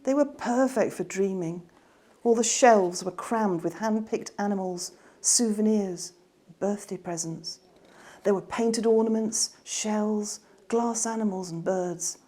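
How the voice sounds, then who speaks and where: A woman reading her children's novel aloud in a gentle, expressive way. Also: medium pitch, slow. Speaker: author reading her book.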